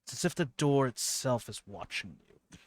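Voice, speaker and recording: A man narrating a tabletop game as game master, in a slow, halting way. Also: medium pitch, lively intonation, no room sound.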